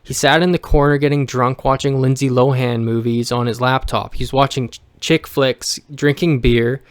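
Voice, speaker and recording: Brief: male vlogger, raw profane rant, smooth clear voice, dry close sound. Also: mid-range voice, fairly even intonation, normal speed, no echo. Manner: blunt, heavily profane, emotional venting; rambling with frequent restarts. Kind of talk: personal rant to camera.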